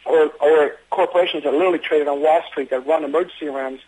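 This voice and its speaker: Man, emergency doctor, interview guest, rapid delivery, earnest, many restarts. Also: a little high, steady tone, darkish tone, husky, low-quality recording. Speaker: emergency physician running an urgent care. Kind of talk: interview conversation.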